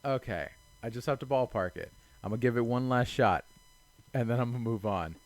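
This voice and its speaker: Young male gamer, mid-pitched, casual commentary, self-mocking, shifting between muttering and loud outbursts. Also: fairly quick, no room sound. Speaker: gaming channel host. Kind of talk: casual let's-play commentary.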